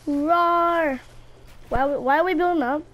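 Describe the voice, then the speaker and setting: A woman's voice: sits high, animated, normal speed, a little hiss or hum. A woman in casual gaming chat with a friend, bossy and teasing. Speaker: gamer.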